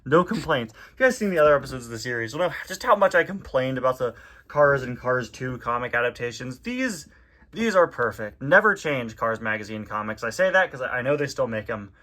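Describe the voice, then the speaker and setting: Bright-voiced chatty man reading comics. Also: mid-range voice, very animated, fairly quick. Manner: chatty, self-deprecating asides. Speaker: toy and comic reviewer. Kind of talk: reading comics aloud with casual commentary.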